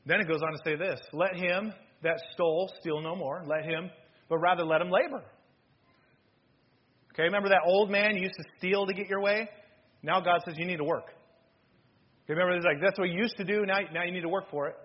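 Pastor, male, high voice with a husky edge, animated sermon delivery from loud to hushed, dull lo-fi church recording. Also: fairly quick. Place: church sanctuary.

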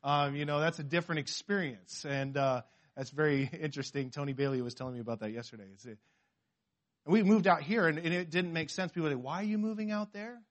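A man from the western United States preaching a sermon in a lively, conversational way, acting out quotes and often restarting his sentences. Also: on the high side, quick pace. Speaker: pastor.

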